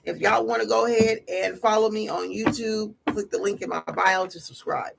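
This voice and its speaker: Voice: medium pitch, fairly even intonation, moderate pace, gravelly. A tarot reader hosting a casual livestream, talking in a blunt, slangy, scolding way. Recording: noisy livestream audio.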